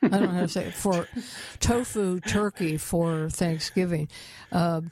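A woman's voice: on the low side, a little mellow. A woman interviewing a guest, with hesitant phrasing and fillers. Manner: hesitant, filling pauses with um and uh. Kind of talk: conversational interview.

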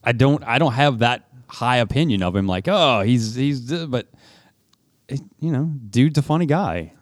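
A man's voice: mid-range voice, animated, moderate pace, no room sound, studio quality. A man co-hosting a podcast, talking casually and hesitantly, often trailing off while he searches for words. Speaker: podcast co-host. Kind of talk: casual chat.

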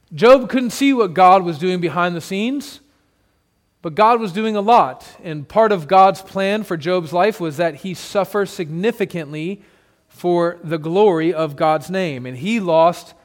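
Male pastor, high voice, preaching, dramatic swings from loud to hushed. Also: long reverb tail. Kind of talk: sermon. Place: church sanctuary with congregation.

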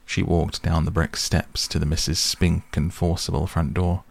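Man, storybook narrator, very low voice, husky, slow and measured reading. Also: flat delivery, no echo.

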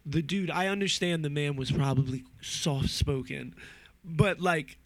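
A man's voice: fairly high pitch, a little slow, no room sound. A man from New Jersey in a casual rant, rambling with lots of fillers and swearing. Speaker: movie reviewer.

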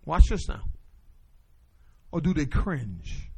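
A man's voice: on the high side, slow, gravelly, slightly rough. A male pastor preaching a sermon, calling out questions to the congregation and answering them himself. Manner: call-and-response preaching, animated.

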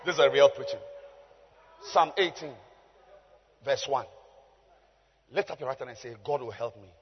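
A man preaching an emphatic call-and-response sermon that builds to shouted declarations. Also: mid-range voice, moderate pace, slight background noise. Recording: reverberant hall, muffled sound, faint music.

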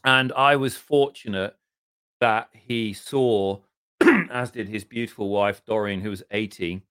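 English guy rambling through his life story, smooth clear voice, dry close sound. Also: on the low side, fairly even intonation, measured pace, a bit bright, no echo. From southern England. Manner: self-deprecating, rambling anecdotes with frequent throat clearing. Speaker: podcast guest. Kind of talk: casual interview storytelling.

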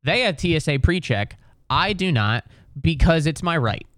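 A man's voice: fairly high pitch, expressive, moderate pace, fairly bright tone, no room sound. A young American man, a comedian and podcast host, telling a long comedic story in a rambling, sarcastic way. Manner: rambling, full of "like" and restarts, with sarcasm.

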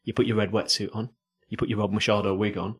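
A man's voice: fairly low pitch, flat delivery, fast, slightly rough. A man co-hosting a surf podcast, rambling through playful stories in casual chat. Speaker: podcast co-host.

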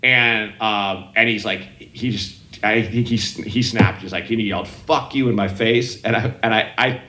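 A man chats casually with a bright, forward tone, looping through his story with restarts and voiced quotes. His voice rings a little in an echoey room. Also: fairly low pitch, fairly even intonation, normal speed. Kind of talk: casual chat.

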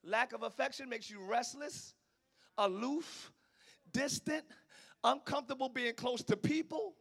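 Male preacher; bright, sharp tone, animated delivery with sudden shouts. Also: very high-pitched, a little slow, vocal fry, husky. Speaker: pastor. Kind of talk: sermon.

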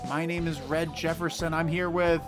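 A man's voice: on the high side, little pitch movement, normal speed, music in the background. A man co-hosting a casual podcast, giving rambling, laid-back advice with plenty of fillers. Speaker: podcast co-host. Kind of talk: casual chat.

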